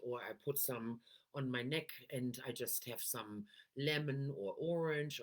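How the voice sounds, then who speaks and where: A middle-aged woman, an NLP coach, talking to camera and shifting her voice tone for emphasis. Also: a bass voice.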